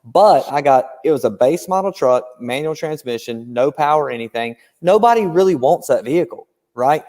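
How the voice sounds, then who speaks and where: A man's voice: on the high side, moderate pace. Man explaining with a long room reverb. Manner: animated storyteller, explains with examples. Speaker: guest car-dealership trainer. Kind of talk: casual podcast chat.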